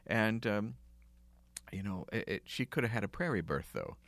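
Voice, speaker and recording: A man's voice: on the low side, lively intonation, moderate pace, a bit bright, no room sound. A man hosting a podcast, chatting in a rambling, easygoing way with frequent chuckles and fillers. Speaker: podcast host. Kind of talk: casual interview chat.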